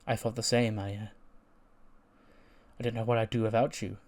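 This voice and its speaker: A man's voice: on the low side, little pitch movement, moderate pace, natural voice. A man voicing a worried, loyal male wrestler who talks in hesitant stammers.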